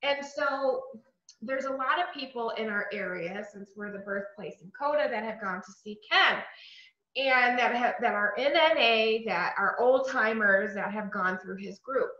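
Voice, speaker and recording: A woman shares her recovery story in a high, bright voice. She acts out the dialogue with lively, chatty energy. Her voice rings in an echoey room on a dull, lo-fi recording. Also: a little slow. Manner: animated storytelling with quoted dialogue and frequent "like".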